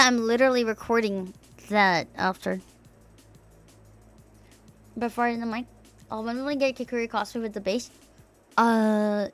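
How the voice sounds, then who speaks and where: A young woman VTuber streams from her home room on a desk mic, her voice a bit high-pitched with a slightly raspy, tomboyish edge. She's chatty and loose, reading out chat messages, swearing casually and laughing often.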